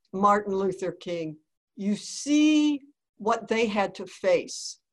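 A woman telling a story in an earnest, deliberate way, like a spiritual talk to listeners. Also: medium pitch.

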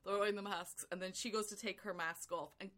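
A woman co-hosting a podcast, chatting casually about a movie, animated and laughing often as she rambles through her story. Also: medium pitch, quick pace. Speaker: podcast co-host.

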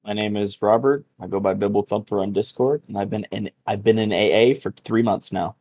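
A man's voice: fairly low pitch, fairly quick, a little mellow, husky. Goofy male player, lo-fi mic. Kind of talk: casual tabletop play.

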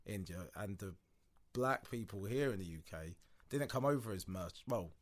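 Chill uk guy with a lowish voice, just chatting, lots of likes and ums. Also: moderate pace. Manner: relaxed, lots of fillers, acts out quoted exchanges. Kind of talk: casual discussion.

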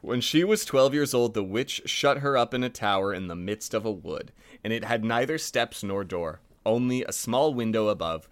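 Animated man reading a fairy tale. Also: lowish voice, normal speed. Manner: animated, laughs often.

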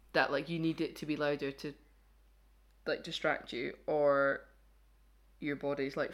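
A woman co-hosting a podcast, chatting in a rambling way and laughing easily. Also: low voice. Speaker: podcast co-host. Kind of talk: casual chat.

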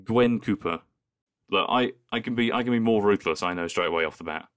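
Male podcast co-host, deep voice, dry close mic, easygoing email reader. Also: no echo. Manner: reads emails in a measured way, jokey asides. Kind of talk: casual chat, reading listener emails.

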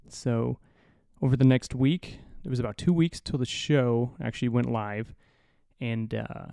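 Speaking into a studio mic connected to an audio interface, this male podcast host rambles through a lengthy story, profane and self-deprecating, in a casual monologue. His voice sits in the middle range, warm, clear and resonant, with no room sound at all.

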